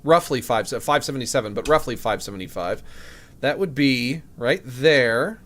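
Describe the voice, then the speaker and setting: A man live-streaming a game, talking casually and joking, breaking into high shouts of disbelief. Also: moderate pace. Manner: animated, jokey, bursts into high shouts of disbelief. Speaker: streamer playing a horror game.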